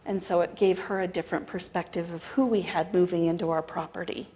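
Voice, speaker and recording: A middle-aged American woman giving a spiritual talk, telling a story in a conversational, animated way and acting out the dialogue. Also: fairly low pitch, a little fast. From United States. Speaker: spiritual practitioner speaker. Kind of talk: sermon storytelling.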